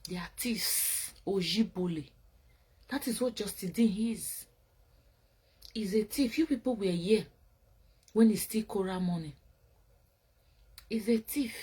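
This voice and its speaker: A woman's voice: mid-range voice, mellow, husky. A woman hosting a casual commentary show, talking bluntly and scolding in repeated phrases. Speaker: show host.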